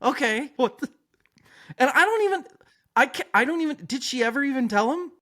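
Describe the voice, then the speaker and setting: Podcast host, lively, jokey, quick to laugh. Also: high voice. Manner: animated, jokey, laughs often. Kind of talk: casual chat.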